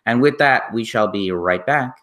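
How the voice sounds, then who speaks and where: A male podcast host with a bright, forceful voice, chatting casually and reading out his show's plugs. His voice rings in a roomy space. He asks questions and keeps things moving. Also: medium pitch, animated, normal speed. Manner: chatty, reads out social media plugs.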